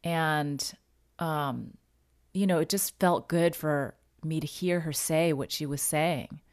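Low-voiced woman telling a personal story. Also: darkish tone, no room sound, clean studio sound. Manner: halting, reflective, frequent restarts. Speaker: podcast guest sharing a personal story.

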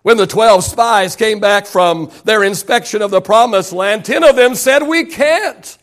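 A man's voice: high-pitched, normal speed, a bit bright. A male pastor preaching a sermon in a church, emphatic and calling on the congregation to repeat after him. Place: church sanctuary.

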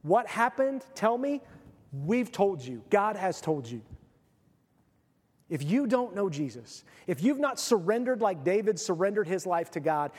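A male pastor preaching a sermon, telling the story with animated, acted-out voices. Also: high voice, a little slow, breathy edge, long reverb tail.

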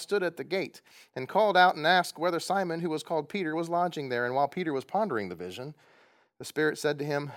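A man leading a prayer and teaching a Bible study to people at tables, in a conversational manner with light humorous asides. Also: on the high side. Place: room with groups at tables.

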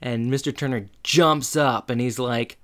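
A man walks through the plot in a loose, conversational recap. His voice is smooth and clear, at a middling pitch. He pops into high, animated voices whenever he quotes someone. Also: unhurried. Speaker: podcast co-host. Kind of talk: casual recap chat.

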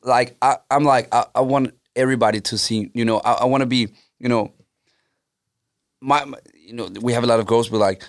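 A man in casual podcast chat, eager and halting, with lots of restarts. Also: mid-range voice, steady tone, clear, resonant tone, no room sound, clean studio sound. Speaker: YouTuber, podcast co-host.

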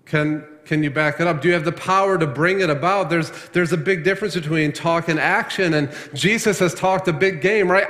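A man's voice: a little high, moderate pace, a bit bright, long reverb tail. A man preaching a sermon as a pastor, emphatic and full of rhetorical questions, often restarting his phrases.

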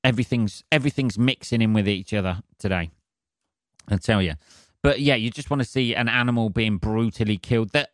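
A man's voice: fairly low pitch, no echo, studio quality. A middle-aged man, rambling sweary and meandering through a solo podcast while lightheaded and dozy on painkillers. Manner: sweary, meandering, self-interrupting. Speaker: podcast host.

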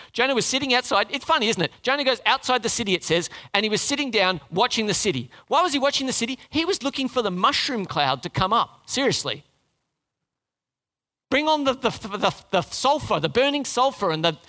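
Joking, animated preacher, male, high-pitched, echoing church hall. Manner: animated, joking, asks the crowd questions. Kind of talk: sermon.

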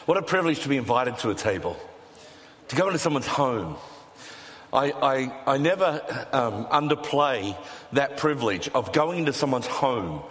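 A man preaching a sermon, relaxed and conversational, tossing playful asides to the congregation. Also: medium pitch. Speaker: pastor. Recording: reverberant hall.

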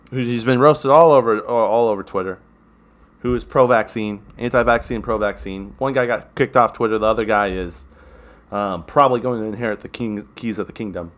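A young man co-hosting a casual comedy podcast, talking in a sarcastic, rambling way and ranting with sudden loud bursts. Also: medium pitch. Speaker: podcast co-host.

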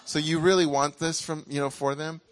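Relaxed, chatty higher-voiced male preacher. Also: fairly quick. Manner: ecstatic, exclaiming and laughing during prayer. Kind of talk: charismatic sermon and prayer ministry.

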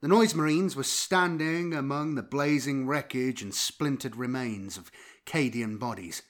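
Man narrating war fiction intensely. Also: medium pitch. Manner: intense, dynamic delivery with sharp swells in loudness. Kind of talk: dramatic audiobook reading.

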